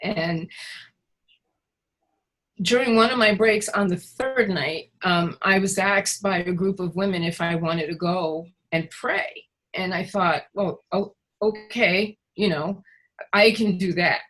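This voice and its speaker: A woman recovery worker telling her own story, hesitant with frequent pauses and fillers. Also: on the low side, a bit bright, rough recording. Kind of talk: personal storytelling in a conversation.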